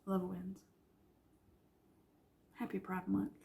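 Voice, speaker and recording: A woman in her forties, an author, telling a personal story in a vlog, teary-eyed and soft-spoken, halting and often sinking to a whisper. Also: mid-range voice, completely flat delivery, gravelly. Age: 40s.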